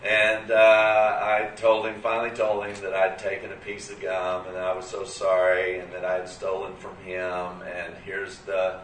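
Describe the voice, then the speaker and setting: A man in his fifties, speaking at a church gathering, tells a story in a sermon in a folksy, conversational way, full of "you know" and "uh." His low voice is monotone and a bit bright, measured with few pauses. The recording is roomy and distant from the mic, with slight background noise.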